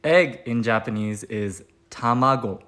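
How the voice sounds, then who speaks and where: Young guy teaching with puns, playful, mid-pitched voice, phone mic. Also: a little slow, a bit bright. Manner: jokey, playful, punny. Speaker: language teacher on short videos. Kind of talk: comedic short-form lesson.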